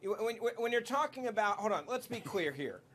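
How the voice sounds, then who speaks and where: A man's voice: high-pitched, big pitch swings, a little fast, a bit bright. A man arguing on a cable news panel, insistent and interrupting the others. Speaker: panel commentator.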